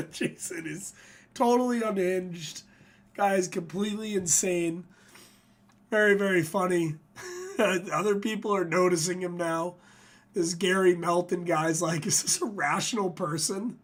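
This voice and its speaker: A man's voice: high-pitched, unhurried, fairly bright tone. A man hosting a livestream, giving profane, casual commentary and laughing often between remarks. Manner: swears freely, laughs often. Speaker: livestream host.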